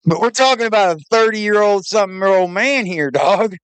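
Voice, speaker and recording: A man's voice: sits high, expressive, brisk, a bit bright, clean tone, no room sound. A man hosting a reaction show, casual, profane and mocking, laughing often. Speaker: reaction channel host.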